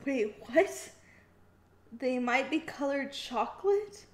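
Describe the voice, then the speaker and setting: Giggly high-voiced woman, roomy echo. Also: expressive, slow pace. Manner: giggly, chatty. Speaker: stream co-host reading chat. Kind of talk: casual livestream chat.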